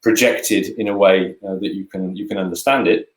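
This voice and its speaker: A British English teacher co-hosts an online webinar in casual chat, stammering, repeating words, and padding with many fillers. His voice is deep and steady at a moderate pace, heard over a video call with a roomy echo.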